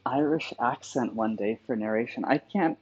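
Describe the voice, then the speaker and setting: A man's voice: mid-range voice, moderate pace, darkish tone. A man chatting casually on a livestream while he works at calligraphy, thinking aloud and wandering off on tangents. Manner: musing, digressive thinking aloud. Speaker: calligrapher streaming his work. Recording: dull lo-fi sound with faint background music.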